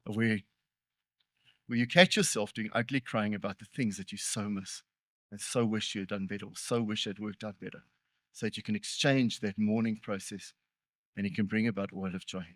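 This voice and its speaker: A man's voice: fairly low pitch, fairly even intonation, moderate pace, no echo. A man preaching a sermon in a conversational way, with earnest emphasis and joking, self-deprecating asides. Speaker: pastor.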